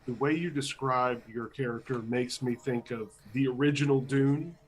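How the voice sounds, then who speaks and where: A man playing a tabletop role-playing game, describing his character in a relaxed, rambling way over a voice call. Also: medium pitch, moderate pace. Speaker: player. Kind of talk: casual tabletop chat.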